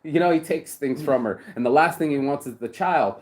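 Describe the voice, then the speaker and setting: A man's voice: a little high, brisk. A man hosting a casual chat, telling stories in a rambling way, repeating words and swearing freely. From United States. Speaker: host.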